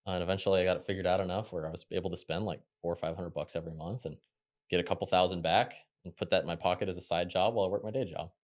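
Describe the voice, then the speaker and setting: A young man with a deep, low-pitched voice talks at a brisk clip. He tells stories from his working life as an interview guest, loose and chatty, and his voice comes alive when he acts out what others said. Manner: quick, chatty, animated when quoting others. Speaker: podcast guest. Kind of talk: casual interview storytelling.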